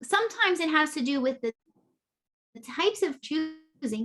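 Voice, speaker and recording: Brisk, high-voiced woman guest explaining. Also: expressive, fairly bright tone. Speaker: guest author and naturopathic doctor. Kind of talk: explanatory interview talk.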